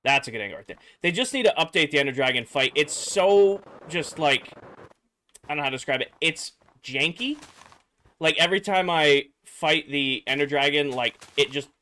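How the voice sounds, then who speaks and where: A man's voice: a little high, normal speed. Male streamer, young adult, worn out after work, easygoing chatter between viewer questions. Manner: relaxed, chatty, reads chat aloud and mutters while building. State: tired after a workday. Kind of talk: casual livestream chat.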